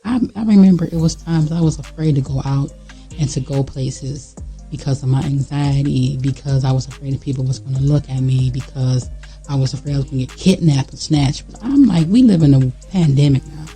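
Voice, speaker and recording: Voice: medium pitch, a little fast, mellow, husky, soft background music, low-quality recording. A vlogger giving a candid, blunt motivational talk straight to the viewer, in casual slangy speech full of fillers and repeats. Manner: emphatic, blunt and preachy, talking straight to the viewer.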